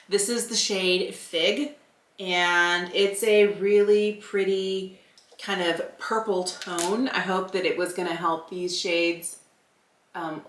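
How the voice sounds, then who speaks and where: A woman in her fifties talks through a makeup review in a candid, chatty way, musing aloud as she goes. Her voice sits fairly low for a woman. The room gives it a noticeable echo. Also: a bit bright. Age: 50s. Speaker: beauty vlogger. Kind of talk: casual product review while applying makeup. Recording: roomy echo.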